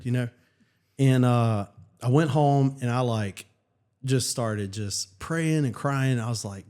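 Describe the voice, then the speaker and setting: A man, a pastor, telling his personal story in casual conversation, earnest and halting with many restarts. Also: medium pitch, darkish tone. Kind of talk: personal testimony in casual chat.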